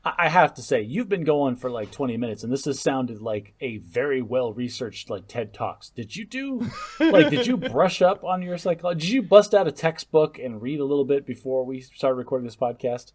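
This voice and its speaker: Podcast guy, mid-pitched voice, stammers and jokes around a lot. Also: normal speed. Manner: animated, stammering restarts, joking. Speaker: podcast co-host. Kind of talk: casual podcast chat.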